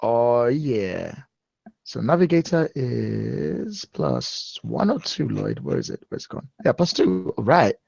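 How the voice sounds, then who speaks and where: A man playing a tabletop game, lively and chatty. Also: medium pitch, slow pace, vocal fry, husky, lo-fi sound. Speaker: player.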